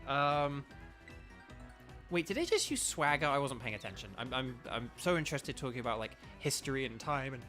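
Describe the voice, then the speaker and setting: A man's voice: medium pitch, expressive, normal speed, bright, forceful tone, faint music behind. A young man chatting casually with his stream viewers while playing a game, rambling with lots of fillers. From United Kingdom. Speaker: gaming streamer.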